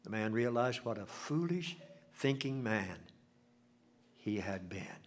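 An older man preaching a sermon, swelling loud for emphasis and dropping to a near hush. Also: lowish voice, animated, slow. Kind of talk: sermon with invitation.

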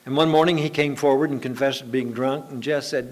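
A man's voice: medium pitch, steady tone, fairly quick, hardly any pauses. A man preaching a sermon to his congregation, telling homely anecdotes in a conversational, folksy way.

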